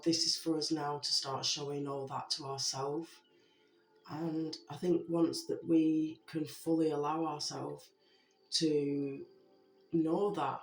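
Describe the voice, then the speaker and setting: A spiritual message giver speaking to viewers in a heartfelt way, gently repeating reassurances with many fillers. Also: mid-range voice. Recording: roomy echo with faint background music.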